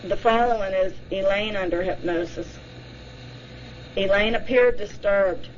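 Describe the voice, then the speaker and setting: A woman narrator reading a documentary account in an even, plain style. She speaks slowly at a middle pitch. The recording is dull and lo-fi, with faint noise underneath.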